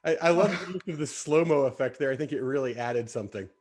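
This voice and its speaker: A man hosting a live online show, upbeat and jokey, bantering quickly with his co-host. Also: medium pitch, a little mellow.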